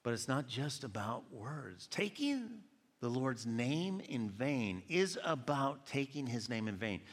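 Guy from georgia preaching, lively storytelling, big echoey church hall. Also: mid-range voice, takes it slowly. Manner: animated storytelling with voiced quotes. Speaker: pastor. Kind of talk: sermon. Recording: long hall reverb.

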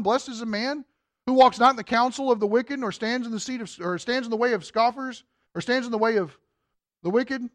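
A male pastor preaching with lively energy, his voice pitched notably high. He moves between reading scripture and joking asides to the congregation. The sound is dry and close, with little room echo. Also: fairly quick. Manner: animated, joking asides, reads scripture aloud. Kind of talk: sermon.

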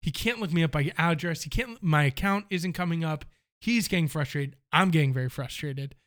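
A man with a voice pitched a little high tells a long story in casual conversation. He is animated and acts out both sides of a phone call as he goes. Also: fairly quick. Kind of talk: casual chat.

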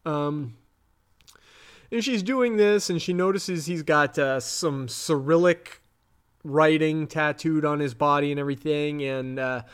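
A man co-hosting a podcast, casually recapping a TV episode in an animated way and jumping up high when he is grossed out. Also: a little slow, clear, resonant tone. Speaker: podcast co-host.

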